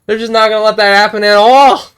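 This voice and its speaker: Young male streamer, slightly high, smooth voice, excitable rant, dry close mic. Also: fast, dry recording. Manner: excitable, repetitive, swears and shouts when worked up. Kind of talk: casual political rant to chat.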